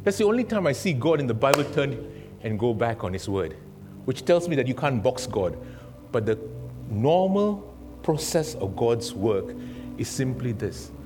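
A man preaching a sermon and telling stories dramatically, swinging from loud to hushed. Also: mid-range voice, sing-song, moderate pace, over music. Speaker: guest preacher.

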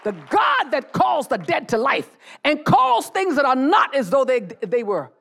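A preacher delivering a fiery church sermon, repeating phrases, calling for the congregation to answer, and bursting into shouts. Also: high voice, huge pitch swings, unhurried, vocal fry.

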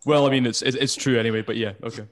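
A man on a casual video chat, delivering gloomy jokes in a deadpan way. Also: mid-range voice, racing. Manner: deadpan, dark humor. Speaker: panel guest. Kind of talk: casual live stream chat. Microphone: video call.

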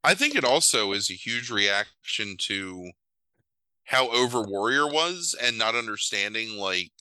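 A man's voice: lowish voice, animated, a little slow, sharp tone, clear, resonant tone, no echo, poor audio. A man hosting a casual podcast chat, rambling and profane as he retells stories. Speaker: podcast host.

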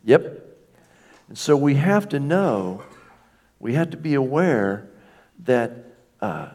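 Animated man preaching a sermon. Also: medium pitch. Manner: animated, acts out little scenes with jokey asides. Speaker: pastor.

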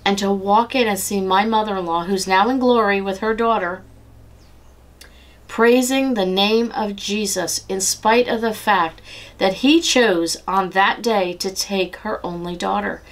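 Earnest middle-aged woman sharing devotion. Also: medium pitch. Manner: earnest, conversational, testimony-like; slows and softens on scripture. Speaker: devotional speaker. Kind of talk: personal devotional talk.

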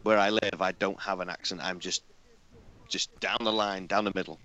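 A lower-pitched man with an English accent and a bright, forceful tone. He talks in a loose, animated way on a casual podcast chat, his voice jumping high in excited bursts. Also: moderate pace, dull audio. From Britain.

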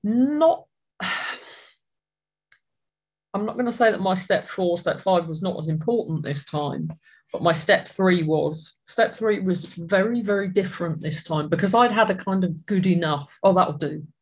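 An adult sharing their personal recovery story at a support meeting, speaking in an earnest, reflective way with halting restarts. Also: mid-range voice, animated, breathy edge.

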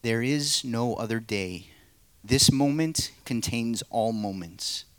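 Powerful angel, a preacher doing it, slow and firm, keeps pressing the same question. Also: male voice, medium pitch, no echo, close to an everyday voice. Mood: stern. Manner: slow, firm, repeating demands. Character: bright powerful male angel, stern and insistent.

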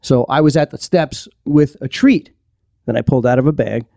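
A man's voice: mid-range voice, normal speed, vocal fry, mellow, no echo, studio quality. A man hosting a podcast, telling a story in casual chat and laughing often. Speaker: podcast host.

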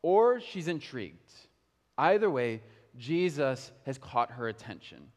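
A male pastor preaching in a relaxed, conversational way, full of "like" and "kinda". His mid-pitched voice carries a long reverb from a large church hall. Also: measured pace. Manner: casual, conversational, lots of "like" and "kinda". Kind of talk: sermon.

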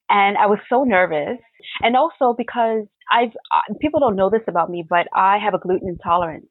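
Young woman pastry chef chatting, animated and laughy, tinny phone sound. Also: lowish voice, no room sound. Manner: animated storytelling, laughs often. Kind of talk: casual interview answers.

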